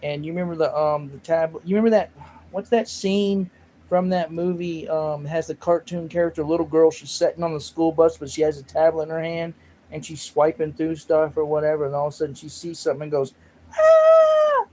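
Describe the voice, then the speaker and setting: A man talks loosely to his livestream audience, his voice sitting a little high for a man. He rambles, jokes at his own expense and answers the chat as he goes. A faint hiss sits under the recording. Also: little pitch movement, brisk, mellow, low-quality recording. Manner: rambling, self-mocking, reads chat aloud. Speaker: livestream host.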